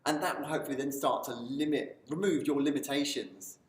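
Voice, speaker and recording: Man, motivational talk, enthusiastic and building excitement, echoey room. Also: medium pitch, fairly quick. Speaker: motivational video presenter. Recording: roomy sound from a distance.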